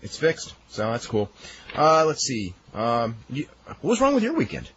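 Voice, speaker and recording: A man's voice: mid-range voice, normal speed. Male radio host, casual rambling chat, muffled old broadcast with light hiss. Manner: relaxed, rambling, chuckles while telling stories. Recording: dull lo-fi archive radio with faint hiss.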